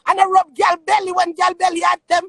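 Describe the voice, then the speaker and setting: A Jamaican man shouting and swearing in a heated argument on a live stream, boastful and loud, talking into a phone. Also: very high voice, completely flat delivery, fairly quick, vocal fry, no echo.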